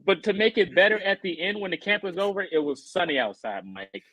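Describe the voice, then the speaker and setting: A man co-hosting a podcast, telling a rambling story in a casual way and acting out the people he quotes in a higher voice. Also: fairly quick, no echo, poor audio. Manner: animated, acts out quoted people in a raised voice. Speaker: podcast co-host.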